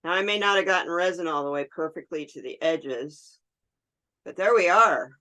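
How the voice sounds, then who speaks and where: A woman's voice: on the low side, moderate pace, pushed and bright. A woman hosting a resin art tutorial, chatting casually and talking to herself as she works. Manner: chatty, talks to herself while working, laughs easily. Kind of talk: casual hands-on demonstration.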